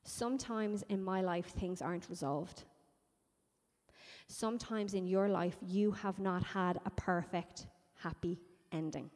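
A woman preaching a conversational sermon with animated storytelling. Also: fairly low pitch, unhurried. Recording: long hall reverb.

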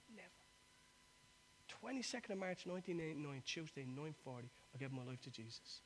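A man, preaching a sermon that swings from loud exhortation to quiet, intimate appeal. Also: sits high, a little fast, breathy edge.

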